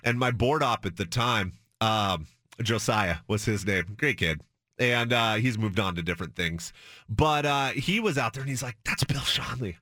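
A man's voice: medium pitch, lively intonation, moderate pace, bright, forceful tone, dry recording. A man hosting a sports radio show, chatting casually and telling an upbeat story from a studio.

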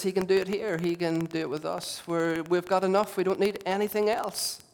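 A man, a lead pastor preaching a sermon with impassioned, repetitive emphasis and quieter asides. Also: high-pitched, level tone, normal speed, creaky, hardly any pauses. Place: church hall.

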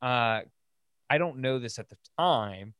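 A man's voice: medium pitch, expressive, unhurried, fairly bright tone, clean tone, no echo. A man hosting a casual podcast, telling a long story with lots of fillers and swearing. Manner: rambling, swears often, frequent "like" fillers. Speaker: podcast host.

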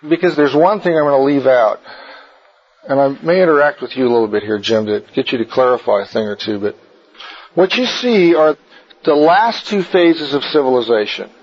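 A man's voice: fairly high pitch, a little mellow, slightly rough. A man teaching a group about the Bible in an informal, digressive style, full of anecdotes, in a dull lo-fi recording.

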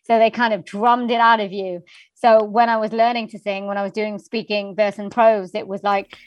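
A woman's voice: medium pitch, flat delivery, moderate pace, no room sound, lo-fi sound. A woman from Wales who speaks with a general British English accent, a singer and voiceover artist talking in an interview in a chatty way with many fillers. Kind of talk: interview conversation.

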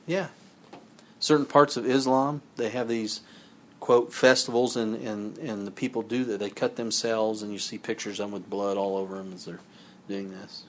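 A man's voice: lowish voice, little pitch movement, normal speed, fairly bright tone, slight background noise. A man giving a sermon, reading scripture passages aloud and then explaining them in a conversational way with asides to his listeners. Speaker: preacher.

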